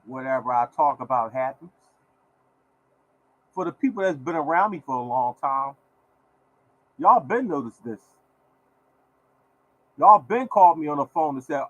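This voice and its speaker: Man, podcast host, slightly high voice, preachy, repetitive, scolding. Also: lively intonation, unhurried, long pauses, fairly bright tone, highs cut off. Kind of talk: casual podcast rant.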